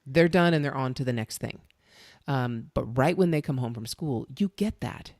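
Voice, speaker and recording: Middle-aged female podcast host; chatty, animated storyteller; dry close recording. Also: extremely low pitch, moderate pace, dry recording. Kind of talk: casual interview chat.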